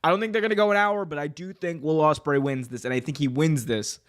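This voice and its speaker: Talking fast in a slightly high voice, this young podcast host keeps his wrestling chat loose and casual. He pumps up the excitement with jokes and plenty of enthusiasm.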